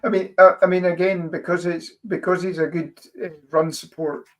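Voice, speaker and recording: A man's voice: high voice, flat delivery, moderate pace. A man on a casual fan podcast, thoughtfully analysing plays and breaking off mid-sentence. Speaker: podcast co-host. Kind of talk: casual football analysis chat.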